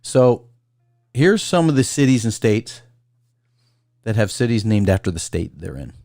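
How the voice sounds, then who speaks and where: A man with a low voice hosts a casual call-in livestream. He rambles and reads a list aloud, stopping to greet viewers by name. The sound is dry and close. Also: big pitch swings, a little slow, mellow, no echo. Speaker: call-in show host.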